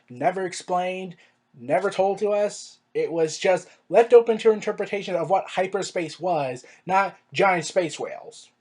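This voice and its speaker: A reviewer in a casual monologue, rambling with fillers and restarts and firing off exasperated rhetorical questions, their pitch jumping up on emphasis. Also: darkish tone. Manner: pitch swings up sharply on emphasis. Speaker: show reviewer.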